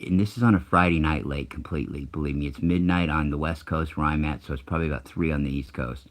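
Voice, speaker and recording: A man's voice: a bass voice, quick pace, hardly any pauses. A middle-aged man telling a rambling, profane personal story in a casual way, often breaking off mid-sentence. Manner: rambling, profane, self-interrupting. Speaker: channel host.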